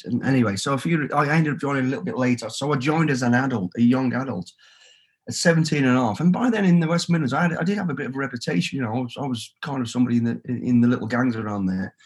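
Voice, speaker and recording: Blunt Brummie man, husky voice. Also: mid-range voice. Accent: Birmingham. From England. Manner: blunt and swearing freely, telling stories with quoted inner thoughts. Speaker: guest. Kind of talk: candid podcast interview.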